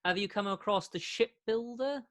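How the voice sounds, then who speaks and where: A man's voice: high voice, normal speed, fairly bright tone, dry recording. A man co-hosting a podcast in casual chat, rambling with frequent restarts and laughter. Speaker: podcast co-host.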